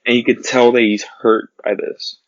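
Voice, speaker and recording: A man giving an earnest casual film review, recounting scenes with pauses and restarts. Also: medium pitch, level tone, no echo, highs cut off.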